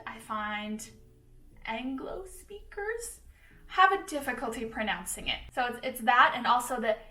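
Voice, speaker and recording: A young woman, a native Russian speaker from Russia, hosting a casual reaction video with chatty, animated commentary and quick laughs. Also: fairly high pitch, far from the mic. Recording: roomy echo, off-mic, faint music underneath.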